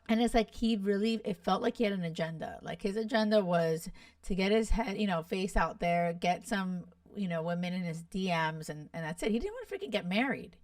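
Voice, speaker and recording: A young woman hosting a podcast, chatting in an animated, gossipy and blunt way with lots of swearing. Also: mid-range voice, brisk, no echo, studio quality, recorded from a distance. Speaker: podcast host. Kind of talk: casual chat reacting to a reality show.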